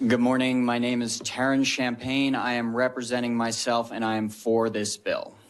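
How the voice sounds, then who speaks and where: A man reading a prepared statement as a witness at a legislative hearing, formal and measured. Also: mid-range voice, little pitch movement, clean tone.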